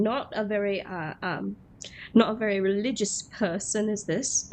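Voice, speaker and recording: A woman streaming a video game, chatting casually and excitably and echoing the game text aloud. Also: medium pitch, measured pace, a little hiss or hum. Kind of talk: casual gaming chat. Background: game music.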